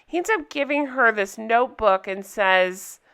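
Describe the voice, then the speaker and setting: A chatty young woman talks straight to her viewers, recapping a show in an easy, candid way and laughing often. Her voice sits a little high and sounds bright and forceful. The tone stays smooth and crisp throughout. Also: lively intonation, unhurried. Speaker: reality TV recap vlogger. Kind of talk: casual recap chat to viewers.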